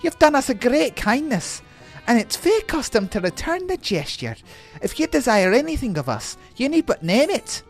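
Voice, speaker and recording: Mischievous pixie, put on by a male streamer: British lilt, swooping pitch. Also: big pitch swings, moderate pace, faint music behind, full character voice. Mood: sweet. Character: playful mischievous pixie, high fairy voice. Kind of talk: reading game dialogue aloud on stream.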